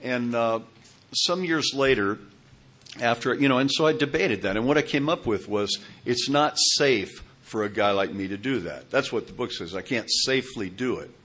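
A man in his sixties speaks at a recovery meeting, recounting his own recovery in a rambling personal testimony while frequently checking in with his listeners. His medium-pitched voice moves at normal speed with a fairly bright tone.

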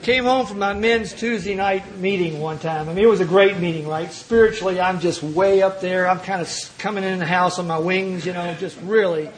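With a high voice and a fairly quick pace, a man recounts his personal recovery to a meeting, using humor and performing the lines of people from his past. He leaves few pauses, and a faint hiss or hum runs under the recording.

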